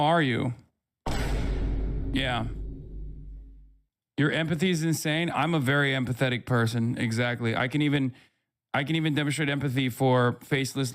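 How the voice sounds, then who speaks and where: A man live-streaming, talking back to his chat in a sarcastic, profane, rambling way. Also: medium pitch. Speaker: livestreamer.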